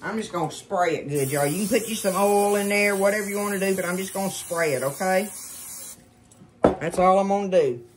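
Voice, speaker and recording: A chatty woman walks viewers through a recipe in her home kitchen. Her voice sits at a middle pitch, and her talk is loose and folksy, full of asides to the audience. A faint hiss of background noise runs under the recording. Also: fairly quick. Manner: chatty, folksy, keeps addressing viewers as y'all. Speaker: cooking show host. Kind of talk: casual cooking demonstration.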